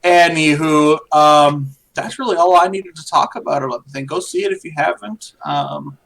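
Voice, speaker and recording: A man with a slightly higher voice co-hosts a podcast in a casual, rambling way. He retells movie scenes and jokes from a close desk mic. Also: fairly even intonation, normal speed, vocal fry, a bit bright. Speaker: podcast co-host. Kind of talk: casual chat.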